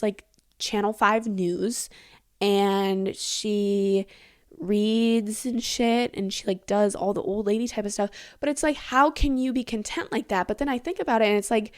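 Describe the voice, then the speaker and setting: A woman's voice: medium pitch, darkish tone. A woman in her late teens hosting a casual solo podcast, talking in a candid, rambling way with lots of swearing and "like". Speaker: podcast host.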